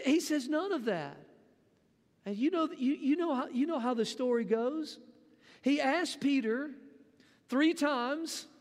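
A man preaching a sermon in a relaxed, conversational way, often repeating words as he restarts his sentences. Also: very high-pitched. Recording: long hall reverb.

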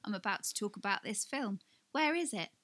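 A woman co-hosting a podcast, chatty and quick to laugh, asking lively questions. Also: medium pitch. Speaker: podcast co-host. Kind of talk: casual chat.

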